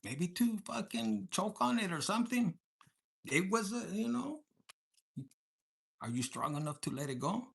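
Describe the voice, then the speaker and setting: A tarot reader giving a casual collective reading, blunt and profane, animated, slipping Spanish words into the talk. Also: medium pitch, measured pace, creaky, long pauses, husky.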